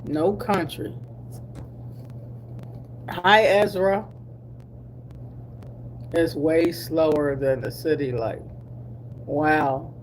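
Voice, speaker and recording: Her voice is low, and slight background noise sits under it as this middle-aged vlogger from Delaware chats casually with her live viewers. She speaks Black American English, slow and drawling, easygoing, with laughs and asides.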